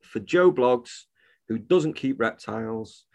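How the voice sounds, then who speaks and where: A man's voice: medium pitch, animated, takes it slowly, creaky. A man, a reptile shop owner, talking bluntly and indignantly as a podcast guest and swearing freely. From United Kingdom. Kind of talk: casual podcast conversation.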